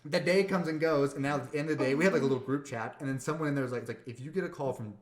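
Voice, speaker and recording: Brief: male podcast co-host, rapid storyteller, rambling and repetitive, acts out the quotes. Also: medium pitch, echoey room, slight background noise. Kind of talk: casual storytelling chat.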